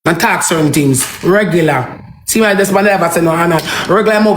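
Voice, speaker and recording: A social media live streamer with a Jamaican accent rants heatedly, pleading, scolding and repeating herself in patois. Her voice is lowish and a little quick.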